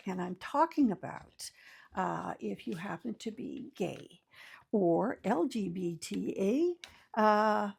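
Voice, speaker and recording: A woman's voice: mid-range voice, creaky, a little mellow, slightly rough. An older woman, host of her own channel, giving casual, folksy advice to camera with many fillers and restarts.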